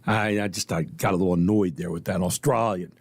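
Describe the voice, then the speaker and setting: A man hosting a talk radio show, chatting casually and joking between segments. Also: low voice. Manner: jokey, animated, quick asides.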